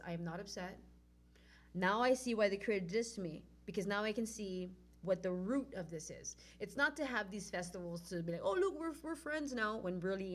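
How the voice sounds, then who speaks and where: A woman telling a personal story in a casual, animated way, acting out the dialogue. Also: medium pitch. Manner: animated, acts out quoted dialogue.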